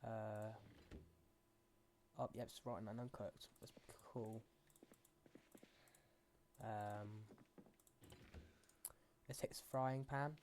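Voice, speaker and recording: A man's voice: fairly low pitch, fairly even intonation, very slow, long pauses, a little mellow, slight background noise. A man hosting a gaming channel, talking to himself as he plays in loose, rambling commentary full of fillers and restarts. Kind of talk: casual gameplay commentary.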